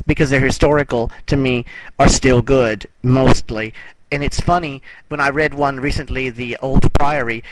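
A man's voice: medium pitch, noisy background. A man in a casual group chat, speaking in a thoughtful, musing way. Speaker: book discussion group member.

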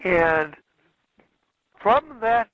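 A man's voice: sits high, animated, very slow, no echo, dull audio. A man lecturing a class on history, rambling along and correcting himself with frequent fillers.

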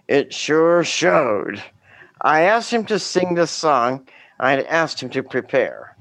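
A middle-aged woman telling a story about her teaching days, with a deliberate, dramatic delivery and wry humor. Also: deep voice, no room sound.

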